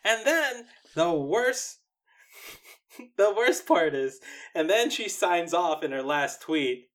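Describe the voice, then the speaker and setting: A man's voice: a little high, takes it slowly. Casual podcast co-host, a man who talks animatedly and stumbles over restarts. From United States. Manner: animated, stumbling restarts, mocking quoted voices. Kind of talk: casual chat.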